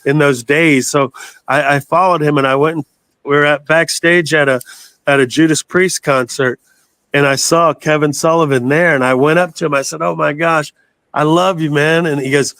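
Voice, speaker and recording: A man's voice: fairly high pitch, steady tone, moderate pace, a bit bright, dry recording. A man in his sixties from the United States, a guest telling long rambling stories in a casual interview and swearing freely. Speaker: guest, metal singer.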